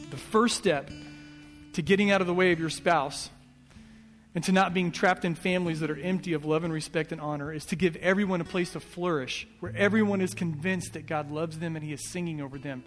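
Soft guitar accompanies a pastor's sermon, his slightly high voice echoing at length through a church hall. He preaches earnestly, building through repetition.

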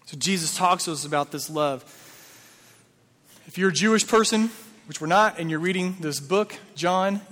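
A pastor preaches a sermon in a church sanctuary in a fairly high, slightly bright voice, keeping things casual and conversational. He repeatedly throws rhetorical questions at the congregation, and a long hall reverb follows every line.

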